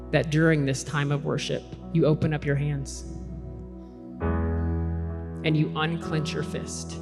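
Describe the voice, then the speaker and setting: A man giving an earnest sermon at a leadership event, repeating his invitations as the talk builds. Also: a little high. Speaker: conference speaker. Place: large hall with a worship team. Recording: long hall reverb, faint music behind.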